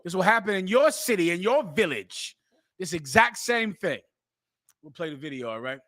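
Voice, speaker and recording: A man with a high, bright voice lectures like a preacher, hammering his points with repetition. His voice sounds close and dry, with no room around it. He declaims more than he chats. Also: animated, moderate pace, no room sound. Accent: American. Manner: forceful, declaiming, repeats phrases for emphasis. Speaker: talk show host. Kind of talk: preaching commentary on a live show.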